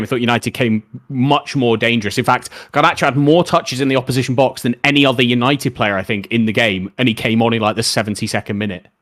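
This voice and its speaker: Chatty streamer talking football. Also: male voice, mid-range voice, fairly bright tone. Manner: rambling, opinionated football talk, reading out chat questions. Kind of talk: casual live-stream chat.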